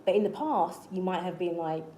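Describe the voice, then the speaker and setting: A woman's voice: lowish voice, moderate pace, dark tone, slight background noise. A woman hosting her own channel, talking casually and earnestly to her viewers, coaching them in a repetitive, encouraging way. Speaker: manifestation channel host. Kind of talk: casual motivational talk to camera. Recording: echoey room with faint ambience.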